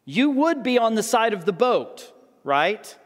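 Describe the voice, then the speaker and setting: A man's voice: high voice, sing-song, unhurried, big-room sound. A pastor preaching a sermon in a conversational way, acting out the people in the story as he reads and explains. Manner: conversational, acts out the disciples' voices.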